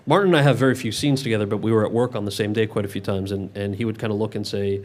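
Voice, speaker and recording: Actor at a Q&A: quick delivery, slightly low voice, lots of restarts. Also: male voice, fairly even intonation. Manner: talks fast with many quick restarts. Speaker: actor answering audience questions. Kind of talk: casual Q&A answers.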